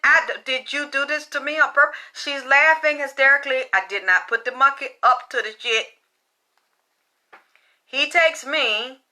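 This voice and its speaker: A woman's voice: fairly high pitch, bright, forceful tone. A woman who works as a spiritual reader tells stories in a casual, blunt way and swears freely. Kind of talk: casual profane storytelling.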